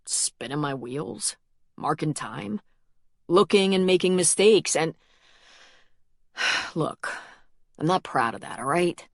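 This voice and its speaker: A woman voicing a stubborn, gruff-talking man. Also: low voice, lively intonation, slow, pauses often, dry recording, studio quality, heavily acted. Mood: rueful. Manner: blunt, plain-spoken, a little gruff. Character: earnest stubborn grown man, defending his new love. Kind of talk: audiobook character reading.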